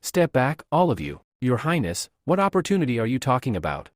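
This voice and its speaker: A man's voice: medium pitch, wildly swooping pitch, a little fast, no echo, clean studio sound. A man voicing a cocky adult pirate leader who talks with a mocking swagger.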